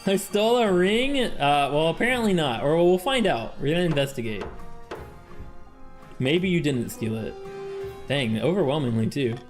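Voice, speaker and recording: A man streaming a strategy game, excitable and laughing as he reads the game text aloud and reacts. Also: fairly high pitch, moderate pace, faint music behind. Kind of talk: game-playing commentary.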